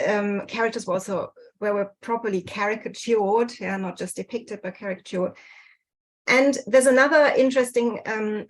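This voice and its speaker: A woman's voice: medium pitch, low-quality recording. A woman giving an online slide talk over a video call, speaking hesitantly with many fillers and restarts. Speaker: speaker presenting on dialect history.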